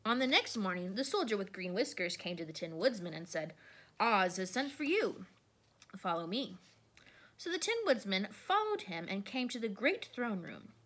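A woman reading a children's storybook aloud with expressive delivery. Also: a little fast, hardly any pauses. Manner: expressive, varies pitch. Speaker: narrator.

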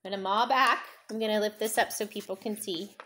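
A young woman teaching a toddler phonics at home, sounding out letters slowly in a sing-song, encouraging way. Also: mid-range voice, steady tone, fairly bright tone. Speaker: parent teaching a child to read.

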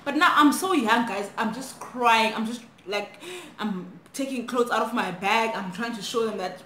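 A young woman telling an animated storytime on her phone, switching languages mid-sentence. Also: a little high, normal speed, few pauses. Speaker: vlogger. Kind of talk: storytime vlog. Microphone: phone camera. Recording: echoey room, faint noise.

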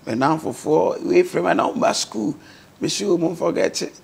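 A man's voice: high-pitched, moderate pace, vocal fry, a little mellow, slightly rough. A man with a Ghanaian accent, a guest on a talk show, earnestly telling his life story and mixing English words into his speech.

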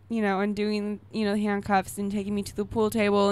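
Smooth, animated woman storyteller. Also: a little fast, few pauses, no echo. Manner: animated, laughing, jumps high when excited. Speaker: interview guest. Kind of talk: casual storytelling interview.

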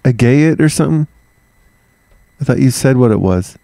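A man's voice: mid-range voice, expressive, moderate pace, creaky, mellow, no room sound, pitched above the performer's own voice. A man doing a fretful, greedy Roman woman. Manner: fretful, pestering, comically bumbling. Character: greedy ancient Roman woman traitor, anxious. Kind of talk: comedic improvised role-play.

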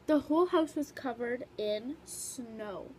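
A woman reads a children's picture book aloud in a high, bright voice. She reads in a lively way and stops now and then for short remarks about the pictures. Faint noise sits under the recording. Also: slow. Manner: animated read-aloud, brief asides about the pictures. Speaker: storybook reader.

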